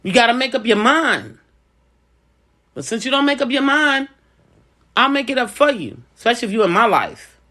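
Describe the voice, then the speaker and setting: A woman's voice: a little high, big pitch swings, moderate pace, long pauses, bright, forceful tone. A middle-aged woman and business owner giving casual advice straight to camera, blunt and emphatic, coming back to her points again and again.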